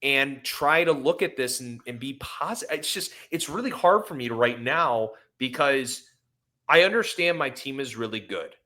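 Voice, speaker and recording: A man's voice: medium pitch, lively intonation, normal speed, bright, forceful tone. A man co-hosting a sports podcast, ranting with emotion and apologizing for it. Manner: impassioned, rambling, apologetic. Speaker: podcast co-host. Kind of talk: emotional casual sports talk.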